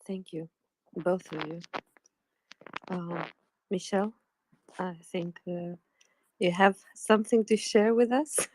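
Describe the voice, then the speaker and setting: A woman's voice: lowish voice, steady tone, slow, long pauses, a little mellow. A woman moderating a casual audio room, hesitant with many uhs and ums.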